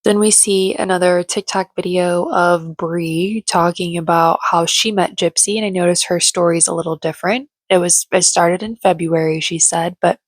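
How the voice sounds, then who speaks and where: A woman's voice: on the low side, steady tone, normal speed, hardly any pauses, no room sound. A young woman recapping a reality show in casual, gossipy, sarcastic chat. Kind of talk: casual chatty commentary.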